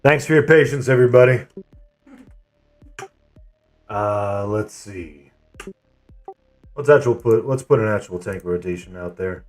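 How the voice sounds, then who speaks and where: A man streaming and leading an online game raid, telling a story and giving calls in a relaxed, rambling way. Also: fairly low pitch, measured pace, pauses often, soft background music.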